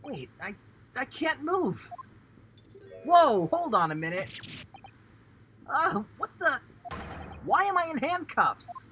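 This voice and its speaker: A man doing a frantic young student, high and yelping. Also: big pitch swings, slow, long pauses, sharp tone, slight background noise, full character voice. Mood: panicked. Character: panicked young male law student, bewildered and jumpy. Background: game music.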